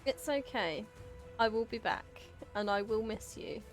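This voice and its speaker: A woman's voice: on the high side, a little slow, soft background music. A woman chatting casually to her viewers on a live game stream, giggling now and then and talking straight to chat.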